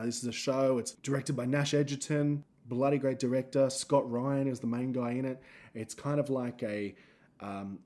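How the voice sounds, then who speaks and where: A man's voice: medium pitch, dark tone. An Australian man hosting a solo podcast, rambling and self-mocking as he tells stories. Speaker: podcast host and comedian.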